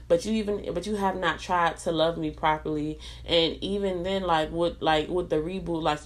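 Blunt low-voiced woman venting. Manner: blunt and profane, emphatic repetition. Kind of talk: candid relationship venting monologue.

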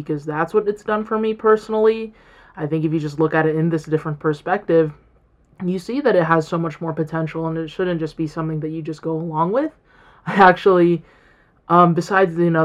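A young woman in college hosting her own podcast, talking in a rambling, reflective way with many fillers and restarts. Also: low-pitched. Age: young adult. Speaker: podcast host. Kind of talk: casual solo podcast talk.

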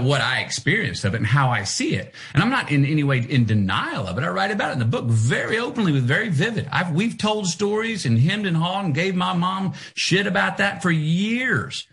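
A man in his fifties telling animated childhood stories as a guest, acting out the voices of people in them. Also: a little high. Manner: animated, acts out voices in anecdotes. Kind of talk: casual interview storytelling.

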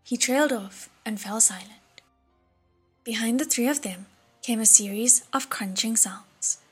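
A woman narrates an audiobook in a soft, half-whispered way. Her voice is deeply breathy and husky, sitting slightly high. The reading stays even and hushed. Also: measured pace, soft background music.

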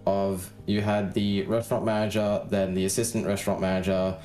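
A man's voice: low-pitched, level tone, brisk, warm tone, faint music behind. A man with an Australian accent, co-hosting a podcast in casual chat, laid-back, swearing freely and using lots of fillers. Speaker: podcast co-host.

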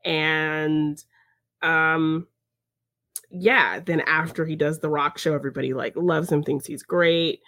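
A woman's voice: low voice, steady tone, slow, fairly bright tone, no echo, clean studio sound. A woman co-hosting a podcast, recapping a film in casual chat, laughing often and using lots of fillers. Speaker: podcast co-host.

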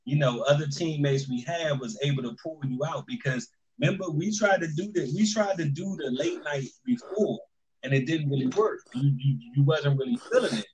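Joking, teasing man, slightly high voice. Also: expressive, moderate pace, a little mellow, low-quality recording. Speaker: podcast co-host. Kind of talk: casual banter.

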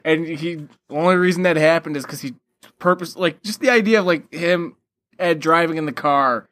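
A man with a slightly high voice talking casually about a movie. He swears freely and jumps into animated impressions of lines he loves. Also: moderate pace. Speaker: podcast co-host. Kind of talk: casual film chat.

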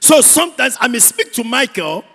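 A man's voice: extremely high pitch, big pitch swings, moderate pace, a bit bright, breathy edge. A man from Ghana preaching a sermon in a church, emphatic, repeating key words and singing out phrases. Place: church hall. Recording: echoey church hall with long reverb.

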